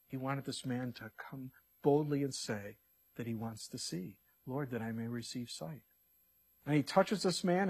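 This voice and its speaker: Male pastor, husky and raised in pitch, lively delivery, acts out characters mid-sermon. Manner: animated, acts out the story characters in quick voices. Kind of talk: expository sermon.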